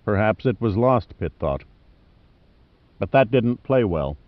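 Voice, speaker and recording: A man narrating an adventure novel for an audiobook reads his script in a calm, even storytelling way, his voice on the low side. The slightly muffled studio recording is dry, with no room sound.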